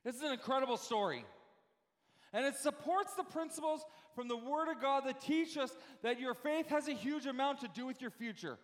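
A man preaching a sermon as pastor, animated and full of rhetorical questions, often repeating words as he goes. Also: very high-pitched, moderate pace. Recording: echoey hall reverb.

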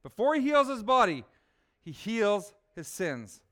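A man preaching a sermon as pastor, asking his listeners rhetorical questions and swinging from soft to loud. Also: high voice, very animated, measured pace.

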